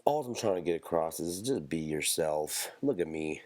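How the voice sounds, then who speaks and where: A man's voice: very deep voice, expressive, normal speed, darkish tone, dry recording. A man hosting a solo podcast, rambling in profane, slangy street talk. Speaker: podcast host. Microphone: close podcast mic.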